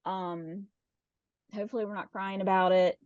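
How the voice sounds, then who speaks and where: A woman's voice: medium pitch, little pitch movement, moderate pace, no room sound, narrow, tinny audio. A woman co-hosting a podcast who chats casually, with lots of fillers and easy laughter. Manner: laughs easily, casual filler-heavy talk. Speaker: podcast co-host. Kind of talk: casual chat.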